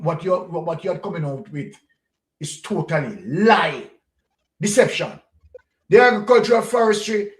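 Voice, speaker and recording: A man's voice: fairly high pitch, reverberant, far from the mic, low-quality recording. Scornful Jamaican male host. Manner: scornful, animated, mocking asides. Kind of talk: reading and commenting on news documents.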